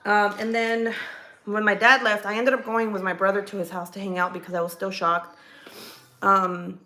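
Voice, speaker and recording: A woman's voice: mid-range voice, flat delivery, moderate pace, bright, forceful tone. A woman chatting casually at home, telling a personal story with lots of fillers, restarts and swearing. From California. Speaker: livestream host. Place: home kitchen.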